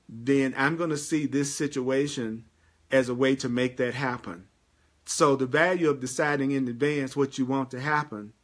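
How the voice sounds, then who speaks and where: A man teaching a spiritual class on a livestream, emphatic and slow when he repeats key lines. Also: mid-range voice. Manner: bursts into exuberant whoops and playful sounds. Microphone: webcam or phone livestream.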